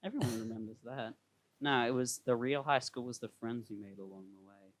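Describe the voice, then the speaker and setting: A man's voice: mid-range voice, fairly quick. A young man hosting a podcast, chatting casually, laughing and rambling over voice chat from home. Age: young adult. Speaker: podcast host. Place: home, remote call. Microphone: computer mic over voice chat.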